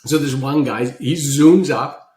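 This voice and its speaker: A man, a guest on a podcast, telling a personal story about gratitude with animated, lively swings in his voice. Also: slow pace, echoey room. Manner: animated storyteller, voice leaping high when recalling his own past disbelief.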